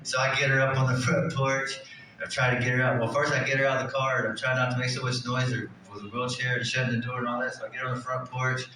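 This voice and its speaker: Rambling comedian in echoey club. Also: male voice, mid-range voice, little pitch movement, fast talker. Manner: loose, rambling storytelling. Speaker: stand-up comedian. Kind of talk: stand-up comedy. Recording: echoey club room, distant mic, crowd ambience.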